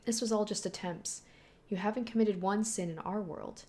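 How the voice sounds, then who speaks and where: A woman's voice: mid-range voice, steady tone, normal speed, mellow, natural voice. A woman reading as a remorseful young witch. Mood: resigned. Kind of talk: reading manga dialogue aloud.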